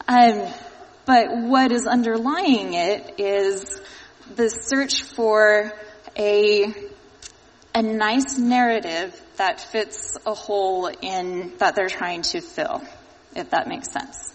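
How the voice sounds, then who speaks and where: A woman's voice: medium pitch, fairly even intonation, slow pace. A woman hosting a casual discussion, chatty and lightly teasing, explaining points as she goes. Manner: chatty, teasing, quotes others while explaining. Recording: reverberant room.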